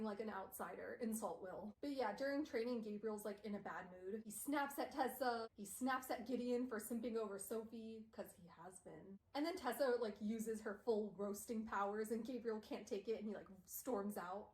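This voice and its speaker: A young woman streaming a casual book recap, chatty and wry, with "like" sprinkled through every sentence. Her voice sits fairly high and rings in a roomy, echoing space. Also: darkish tone. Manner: chatty, sarcastic, heavy use of "like". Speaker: VTuber streamer. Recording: roomy echo.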